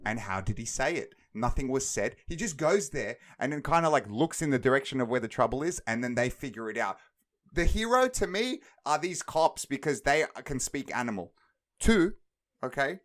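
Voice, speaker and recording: A man with a lively, swooping voice argues in a mock-serious way. He co-hosts a casual podcast and picks apart the logic of a story. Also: medium pitch, normal speed. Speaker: podcast co-host. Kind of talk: casual comedic chat.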